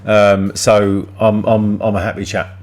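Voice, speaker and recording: A man's voice: fairly low pitch, completely flat delivery, measured pace. An older man, chatting casually and telling sweary stories about raising kids. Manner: sweary, storytelling, laughs at his own tales. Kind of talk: casual chat.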